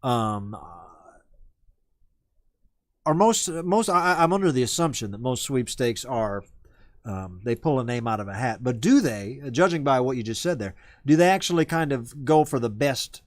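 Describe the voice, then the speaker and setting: A man's voice: medium pitch, expressive, moderate pace, no echo, clean studio sound. Rambling male host. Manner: rambling, self-correcting. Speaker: show host. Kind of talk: casual live-stream chat.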